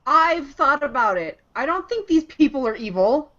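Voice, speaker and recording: An earnest young mage pleading urgently with an elder, as a woman voices her for a fan read-along. Her voice is fairly high and lively. The audio is dull and lo-fi. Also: normal speed. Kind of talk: amateur manga read-along dub.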